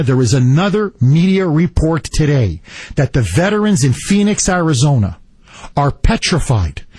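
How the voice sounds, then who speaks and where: Male talk radio host, high lively voice, husky edge, indignant and emphatic monologue, dry close sound. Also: no room sound.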